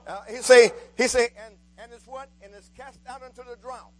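Man, high voice, preaching a sermon with call-outs to the congregation. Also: steady tone, a little fast. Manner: calls out to the congregation, rising and falling emphasis.

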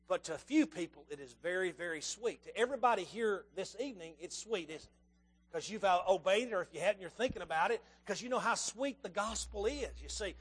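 A man in his fifties preaching a sermon to his congregation, emphatic, with rhetorical questions, swinging between loud and soft. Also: very high voice.

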